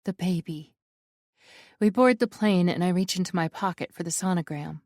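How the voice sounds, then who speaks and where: A woman narrating a first-person romance audiobook in an even, measured reading. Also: on the low side, dry recording, studio quality.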